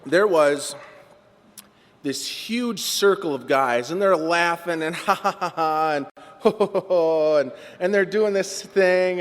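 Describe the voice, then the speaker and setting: A man with a fairly high voice tells his recovery story to a meeting, in an animated, self-mocking way. His voice rings with long reverb through a large meeting hall. He talks from a podium mic.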